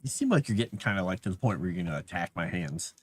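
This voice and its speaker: A man's voice: sits low, expressive, fast talker, husky. A man rambling casually on a livestream, chatting to his cat between thoughts.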